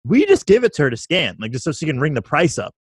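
Young guy talking fast on a podcast, bouncy pitch, laughs a lot. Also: husky, no echo. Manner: lively, laughing storytelling. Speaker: podcast co-host. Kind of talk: casual chat.

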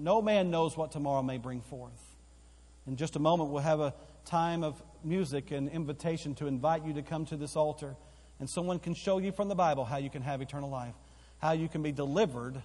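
A man's voice: on the high side, a little mellow. A man preaching a sermon as pastor in a church auditorium, with emphatic repetition that builds in force. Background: live congregation hall.

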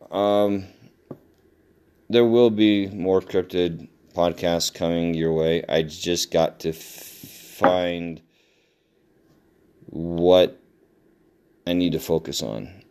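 Low-voiced man telling a rambling story. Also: darkish tone, clear, resonant tone. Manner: rambling, laughs while telling stories, many fillers. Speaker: podcast host. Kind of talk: casual storytelling monologue.

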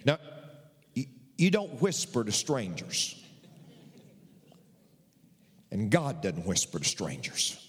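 A man's voice: fairly low pitch, huge pitch swings, takes it slowly, long pauses, breathy edge, big-room sound. A man preaching a sermon in a folksy, conversational way, repeating his key lines for emphasis.

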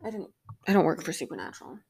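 A woman's voice: deep voice, sing-song, racing, vocal fry, a little mellow, a little hiss or hum. A young woman hosting a podcast, recapping an episode in a rambling, sarcastic way with plenty of swearing and filler words. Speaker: podcast host.

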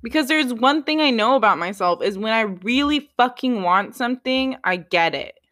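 A woman's voice: on the high side, animated, moderate pace, a bit bright. A young woman talking to camera in a confessional vlog, raw and self-critical, swearing often and restarting her sentences. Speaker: vlogger.

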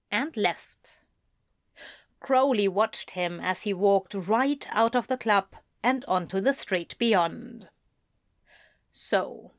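A woman narrating a story in a slow, measured storytelling voice. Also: mid-range voice, no echo, studio quality. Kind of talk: fan fiction audiobook reading.

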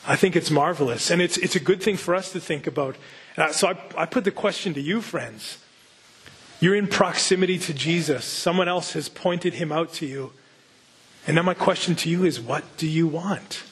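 A man's voice: on the high side, moderate pace, fairly bright tone, breathy edge. A pastor reading a gospel passage aloud and then teaching on it, earnest and conversational, putting direct questions to his listeners. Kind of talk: Bible reading and sermon teaching.

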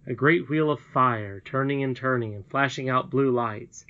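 A man in his thirties reading a storybook aloud in a steady, measured way. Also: mid-range voice. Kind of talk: storybook narration. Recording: dull lo-fi recording.

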